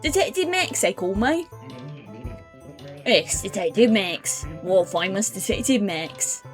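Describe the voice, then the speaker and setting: A woman voicing a self-important, forgetful male detective with a put-on deep gruff voice, over faint music. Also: big pitch swings, slow pace. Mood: pompous.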